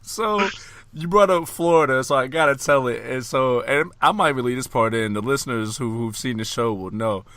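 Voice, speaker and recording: A man co-hosting a casual podcast, telling stories with loud laughs and plenty of swearing. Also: mid-range voice, normal speed, dry recording. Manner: animated storyteller, laughs loudly, swears freely. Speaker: podcast co-host. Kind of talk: casual chat.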